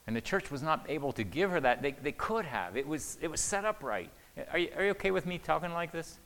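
A man's voice: fairly high pitch, lively intonation, a little fast, fairly bright tone. An older man giving a conversational church teaching on marriage, often repeating words and asking the audience questions. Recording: long hall reverb.

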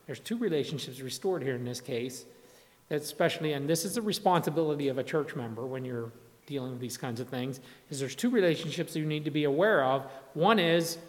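A man's voice: a little high, fairly quick. A man preaching a sermon in a conversational way, often restarting and acting out quotes. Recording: long hall reverb.

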